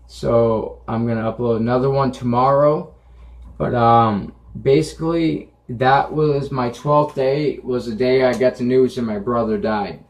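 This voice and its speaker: A man's voice: mid-range voice, darkish tone. A young man casually telling a personal story to his viewers, blunt and profane, talking matter-of-factly. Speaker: vlogger. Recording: echoey room.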